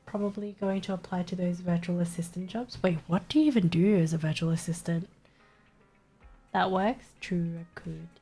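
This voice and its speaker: A woman's voice: fairly low pitch, steady tone, normal speed, warm tone, slightly rough, soft background music. A young woman streaming live, chatting casually with her chat, swearing and laughing often, her nose blocked so she sounds stuffy.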